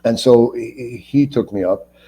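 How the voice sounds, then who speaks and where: A middle-aged actor guesting on an interview, telling stories casually and animatedly, acting out the people in them and stumbling over restarts when he gets excited. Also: mid-range voice, unhurried, slightly rough. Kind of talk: casual anecdotal storytelling.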